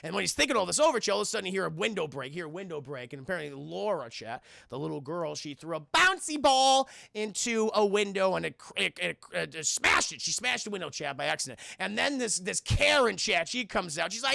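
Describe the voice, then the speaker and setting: A man recapping a film casually to his stream chat, animated and profane, often repeating himself. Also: sits high, quick pace, vocal fry, no room sound, studio quality.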